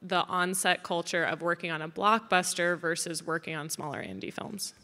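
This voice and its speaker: A woman moderating a live panel, reading audience questions out in a measured way. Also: lowish voice, bright, forceful tone. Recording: reverberant hall from a live event.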